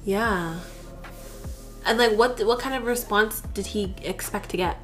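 A woman's voice: medium pitch, unhurried, soft background music. A young woman co-hosting a podcast in casual chat, reacting with incredulous questions.

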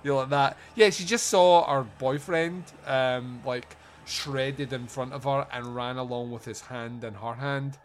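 A man's voice: mid-range voice, a little slow, few pauses, a little hiss or hum. Sarcastic rambling male podcast host. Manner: sarcastic, rambling, laughs often. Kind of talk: casual movie review chat.

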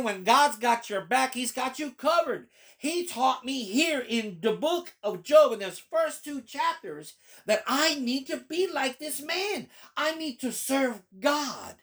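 A man's voice: extremely high pitch, animated, a little slow, a bit bright. Male pastor, testimony sermon; fervent, emphatic, repetitive preaching. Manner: fervent, emphatic, repeats key phrases. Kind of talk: personal testimony sermon reading scripture.

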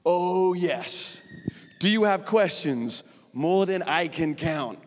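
A man's voice: high voice, expressive, slow. Earnest male pastor in a reverberant hall. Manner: earnest, conversational, emotional preaching. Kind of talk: sermon. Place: church hall.

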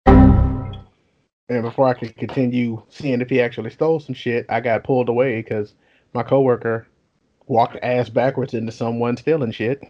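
A young man in his twenties telling a profane, animated story in casual chat, laughing as he goes. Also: medium pitch, normal speed, soft background music. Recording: dull lo-fi sound.

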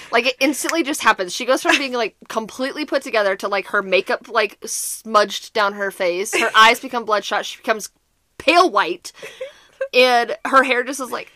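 A young woman co-hosting a podcast, telling a story in a playful way and imitating her partner with high squeals. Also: moderate pace, sharp tone, no room sound. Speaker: podcast co-host. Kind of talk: casual storytelling chat.

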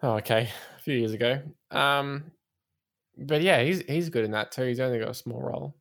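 A man's voice: mid-range voice, normal speed, vocal fry. A man chatting casually about a film, joking and laughing often. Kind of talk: casual film review chat.

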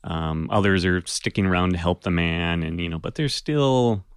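A man's voice: sits low, moderate pace, clear, resonant tone, no echo, studio quality. A man narrating a tabletop game as game master, in a loose, conversational way with frequent fillers.

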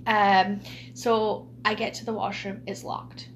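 A woman's voice: medium pitch, flat delivery, slow pace, slight background noise. A woman telling a funny childhood story in casual chat, laughing and using lots of fillers.

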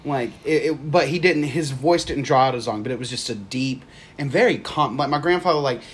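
A man hosting a podcast, telling stories in a casual, animated and profane way. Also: medium pitch, a little fast, slightly rough.

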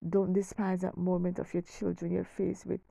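A middle-aged woman speaks slowly and earnestly as the host of her own faith-filled podcast, repeating her words for emphasis. Her voice has a gravelly edge and a mellow, darker tone. It is recorded close and dry, with no room sound. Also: on the low side, completely flat delivery, no room sound. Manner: slow, emphatic, repeats phrases, drops to near-whisper at times. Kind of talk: heartfelt faith-based podcast monologue.

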